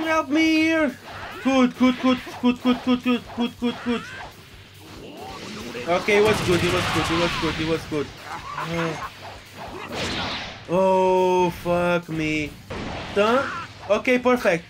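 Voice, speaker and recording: A man doing let's play commentary, frustrated and swearing often, with loud outbursts. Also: high voice. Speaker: gaming video creator. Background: game music.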